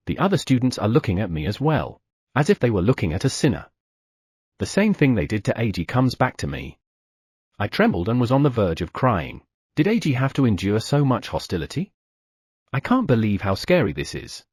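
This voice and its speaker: Husky, expressive male audiobook narrator. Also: mid-range voice, a little fast, dry recording, clean studio sound. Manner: first-person, expressive.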